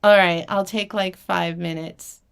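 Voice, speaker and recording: Flustered woman rambling slowly on a live stream. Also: lowish voice, fairly even intonation, gravelly, a bit bright, clean tone. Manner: flustered and rambling, laughs often, many fillers and restarts. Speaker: live auction host selling vintage jewelry. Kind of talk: casual live-stream chat.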